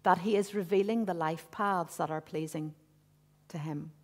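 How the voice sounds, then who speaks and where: A woman's voice: fairly low pitch, normal speed. A woman in her fifties sharing a personal testimony with a church congregation, earnest and conversational, with frequent asides. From Northern Ireland. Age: 50s. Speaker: church speaker. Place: church hall.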